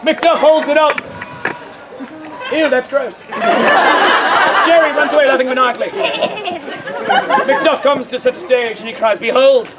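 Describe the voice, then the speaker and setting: A woman performs as Will Shakespeare on an outdoor fairground stage, her very high voice shouting and laughing through a comic tale. A loud crowd mills around her, and steady outdoor noise fills the recording. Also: slow, long pauses. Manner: energetic, often shouting and laughing. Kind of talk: comic storytelling with audience participation.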